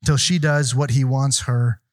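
A man's voice: mid-range voice, steady tone, a little slow. A man preaching a sermon, reading Bible verses aloud and explaining them with asides and questions to the congregation.

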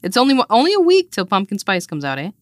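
A woman's voice: medium pitch, wildly swooping pitch, fast, no room sound, clean studio sound. A woman co-hosting a podcast, chatting casually and teasing her friend, often restarting her sentences. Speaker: podcast co-host. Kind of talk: casual chat.

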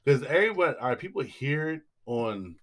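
A man co-hosting a casual podcast, loud and laughing, swearing freely. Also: mid-range voice, big pitch swings, normal speed. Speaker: podcast co-host. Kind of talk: casual chat.

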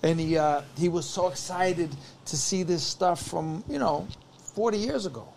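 A man's voice: high voice, moderate pace, vocal fry. Rambling storytelling man, faint background hum. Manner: rambling, animated, acts out quotes. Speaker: podcast guest telling stories. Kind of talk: casual storytelling chat.

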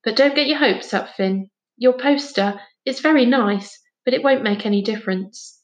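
A woman's voice: fairly high pitch, normal speed, reverberant, lightly acted. A woman reading as a rueful Scottish dad. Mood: reluctant. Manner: rueful, homely Scots phrasing. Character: kindly Scottish father, soft-hearted and gloomy.

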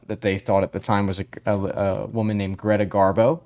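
A man's voice: fairly low pitch, flat delivery, fairly quick, few pauses, highs cut off. A man co-hosting a podcast, casually telling a history story with many fillers and frequent yeahs.

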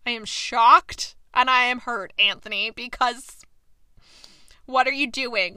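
A young woman hosting a casual recap chat, animated and exasperated, tossing in quick quoted asides. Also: fairly high pitch, background noise. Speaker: podcast host recapping a TV episode.

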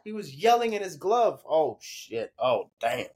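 A man hosting a casual sports recap, rambling and cursing as he reacts excitedly to games. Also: high-pitched, unhurried, few pauses, breathy edge. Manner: excitable, profane, rambling fan talk. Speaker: sports podcast host.

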